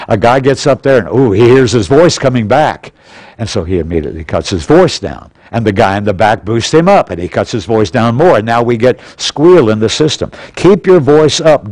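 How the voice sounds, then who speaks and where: A man's voice: medium pitch, darkish tone, dry recording, poor audio. Plain-spoken man teaching, dry sound. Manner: plain, instructive, repeats key points. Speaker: church leadership class teacher. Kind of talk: practical classroom lesson. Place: church auditorium. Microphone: stationary pulpit mic.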